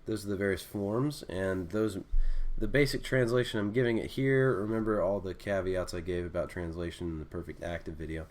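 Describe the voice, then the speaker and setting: A man's voice: low voice, a little fast, hardly any pauses. A man teaching a casual screen-recorded lesson, thinking aloud as he writes and correcting himself as he goes. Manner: relaxed, thinking aloud with fillers and self-corrections. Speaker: Greek teacher.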